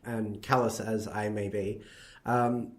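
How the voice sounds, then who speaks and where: A man's voice: on the low side, level tone, slow pace, crowd noise. A man co-hosting a podcast, chatting wryly and jumping in with comments. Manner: wry, chatty, interjecting. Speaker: podcast co-host. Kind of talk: casual chat.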